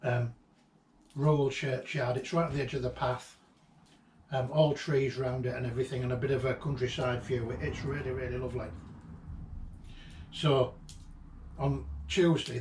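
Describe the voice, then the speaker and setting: A man reminiscing casually about a late friend, halting and reflective, with frequent ums and restarts. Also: mid-range voice, darkish tone. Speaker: vlogger remembering a late friend. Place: at the friend's old house and garden. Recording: roomy echo, distant mic, faint ambient noise.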